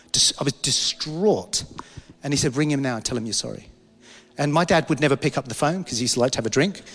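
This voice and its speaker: A man in his forties preaching a sermon and telling a personal story, his voice rising and dropping with emotion. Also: on the high side. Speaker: pastor. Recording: long hall reverb.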